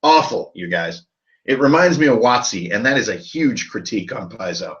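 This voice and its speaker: A man's voice: fairly low pitch, lively intonation, moderate pace, fairly bright tone. A man hosting a live stream about tabletop role-playing games, tipsy from drinking and talking in a loose, profane, rambling way. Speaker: host of a tabletop RPG channel. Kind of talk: casual live-stream chat. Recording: dull lo-fi sound.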